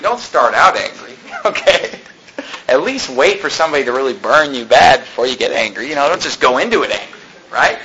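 A man's voice: fairly high pitch, bright, forceful tone, a little hiss or hum, rough recording. A man preaching a sermon as pastor, venting with rising indignation and mixing scripture with personal stories.

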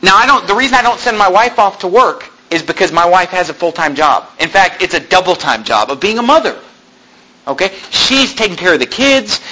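Animated, high-voiced male preacher. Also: low-quality recording. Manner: animated, folksy preaching with asides and self-deprecating humor. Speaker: pastor. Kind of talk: sermon.

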